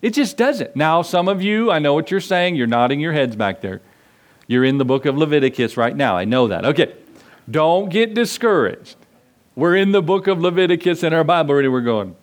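A man's voice: fairly high pitch, lively intonation, a little fast. Preaching pastor, a man with a raised voice. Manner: preaching with rhetorical questions and acted-out asides. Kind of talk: sermon.

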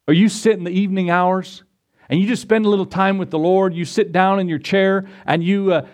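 A man preaching a sermon as pastor, retelling scripture in a folksy way and asking his congregation rhetorical questions. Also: high voice. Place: church.

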